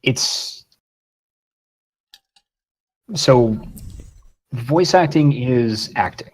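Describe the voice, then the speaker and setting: A man's voice: medium pitch, animated, extremely slow, breathy edge, low-quality recording. A man talking as a guest voice actor and game master, rambling and swearing casually in an interview.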